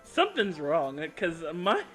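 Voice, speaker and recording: A young man streaming a game live and bantering loudly with his chat, excitable and quick to yell. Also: high-pitched, music in the background. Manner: excitable, yelling at chat, quick mood swings. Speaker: VTuber streamer.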